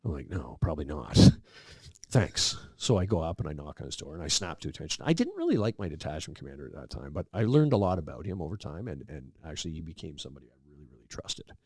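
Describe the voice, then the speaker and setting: Middle-aged man with a very deep, gravelly voice, relaxed podcast guest spinning anecdotes and playing out the dialogue. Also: fast talker, dry recording, studio quality. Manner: relaxed anecdotal storyteller, acts out quoted dialogue. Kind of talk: casual storytelling interview.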